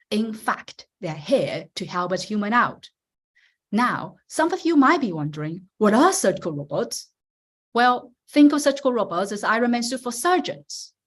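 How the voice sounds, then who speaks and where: A woman student presenting her research in a timed talk, friendly and explanatory, asking the audience questions. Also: on the high side.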